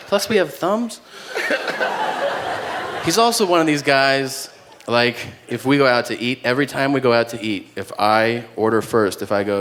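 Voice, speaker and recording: A man's voice: mid-range voice, a little slow, long pauses. A man doing a stand-up comedy set with dry storytelling, acting out both sides of conversations. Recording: noisy live comedy venue.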